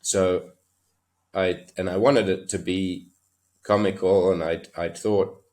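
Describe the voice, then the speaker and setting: Deep-voiced Australian man telling stories. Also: level tone, takes it slowly, darkish tone. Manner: chuckling, loose anecdotal delivery with many fillers. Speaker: podcast guest, horse trainer. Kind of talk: casual interview storytelling.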